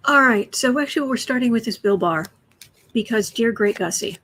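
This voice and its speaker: A woman hosting a casual tarot livestream from home, chatty, often dropping to soft whispers. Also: on the high side, expressive, brisk. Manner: chatty, soothing her cat in soft whispers between remarks. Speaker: astrology and tarot livestream host. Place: home room.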